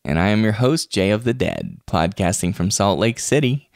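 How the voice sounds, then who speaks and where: A man's voice: lowish voice, lively intonation, normal speed, no echo, clean studio sound. A man hosting a podcast in casual chat, chatty and laughing often. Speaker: podcast host. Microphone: podcast microphone.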